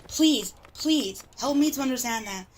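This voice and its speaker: A woman's voice: fairly high pitch, lively intonation, a little slow, slight background noise. A woman streamer in an exasperated, heavily profane livestream rant.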